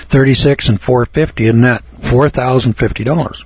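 A man lectures a class in a folksy, husky voice, tripping over words at times before pushing hard on a point. The recording is dull and lo-fi. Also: mid-range voice, moderate pace, dry recording. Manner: folksy, stammering at times, rising to heated emphasis.

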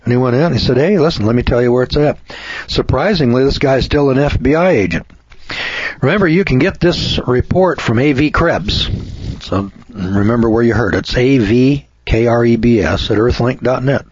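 Ranting husky-voiced male radio host. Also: mid-range voice, expressive, normal speed, dry recording. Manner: folksy, ranting, mocking voices. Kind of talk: opinionated editorial monologue. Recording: dull lo-fi radio recording.

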